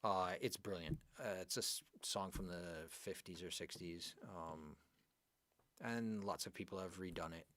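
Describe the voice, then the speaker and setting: A man teaching an online English grammar lesson, talking to students by name in a chatty, animated way. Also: deep voice, a little slow, dry recording.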